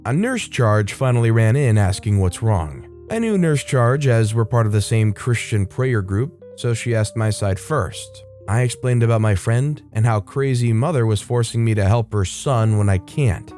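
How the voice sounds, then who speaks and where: A man's voice: mid-range voice, expressive, moderate pace, hardly any pauses, warm tone, faint music behind. A man reading a story aloud in scripted narration.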